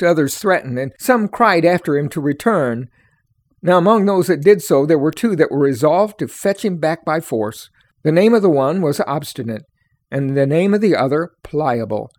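A man narrating a storybook reading in expressive, old-fashioned phrasing. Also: on the high side, no room sound.

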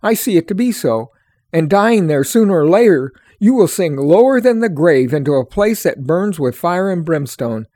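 A man's voice: high-pitched, animated, normal speed, mellow, dry recording, clean studio sound. A man reading aloud, voicing an anguished male pilgrim who pleads in old-fashioned speech. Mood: pleading. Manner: earnest, pleading, archaic speech.

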